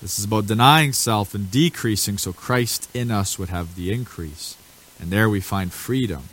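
A man preaching a sermon to a group of men, talking casually and then rising to forceful, emphatic declarations. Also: fairly low pitch, normal speed, slightly rough.

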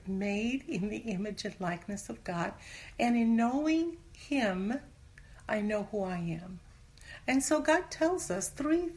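A Christian teacher, a woman with a slightly high voice and a somewhat dark tone, gives a casual, conversational Bible lesson. She speaks earnestly and sometimes drops to a whisper for emphasis. When quoting people, she acts out their everyday voices.

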